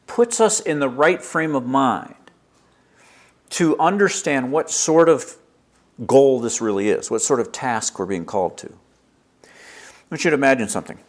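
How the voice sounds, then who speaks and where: A man preaching a sermon, lively and storytelling, acting out little dialogues as he explains a passage. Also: medium pitch, vocal fry. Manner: lively preaching, acts out dialogue with God in his stories. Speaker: pastor.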